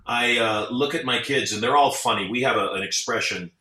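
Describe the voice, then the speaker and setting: A man's voice: medium pitch, brisk, sharp tone. A middle-aged man talking as a podcast guest, an earnest storyteller who acts out the people he quotes. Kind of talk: motivational interview talk. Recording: echoey, off-mic sound.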